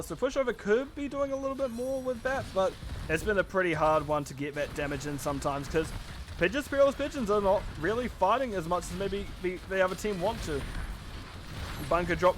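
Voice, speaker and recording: A man casting a live esports match with quick, chatty play-by-play commentary, often correcting himself mid-sentence. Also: high voice, a bit bright, a little hiss or hum. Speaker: esports caster.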